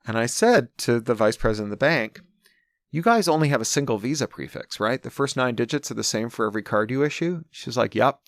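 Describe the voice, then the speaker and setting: A man's voice: medium pitch, fairly quick, dry recording, clean studio sound. A middle-aged man telling a long personal story in a casual way, quoting the people he talked to. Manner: animated anecdote-telling, quoting people in his own voice. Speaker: interview guest.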